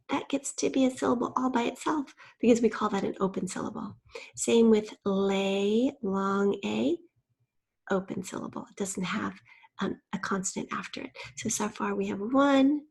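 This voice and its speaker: A patient woman teacher explains spelling step by step, slipping in a playful aside now and then. Her voice has a gravelly, husky edge and sits at a middle pitch for a woman. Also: darkish tone. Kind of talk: spelling lesson.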